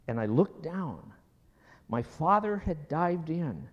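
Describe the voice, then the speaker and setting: A man preaching a sermon, telling a personal story slowly and dropping at times to a hushed whisper before leading a prayer. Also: on the high side, sing-song. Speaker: pastor. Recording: dull sound in a hall with long reverb.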